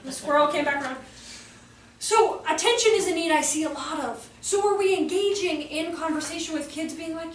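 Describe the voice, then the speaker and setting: High-voiced woman presenter in echoey room. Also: moderate pace, a little hiss or hum. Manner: chatty storytelling, acts out quotes in voices. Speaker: workshop presenter for teachers. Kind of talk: live workshop talk. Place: room with live audience. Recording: echoey room, distant mic, faint ambience.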